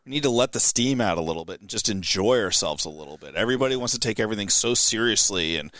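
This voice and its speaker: A man co-hosting a podcast in casual chat, expressive, laughing loudly and swearing mildly. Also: fairly low pitch, fast, no echo, clean studio sound. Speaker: podcast co-host.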